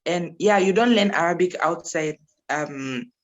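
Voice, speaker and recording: A young woman, a recent graduate whose first language is English, answering questions in a loose, chatty way. She tells her story with lively asides and laughs often. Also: fairly low pitch, a little slow, muffled recording. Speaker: graduate guest.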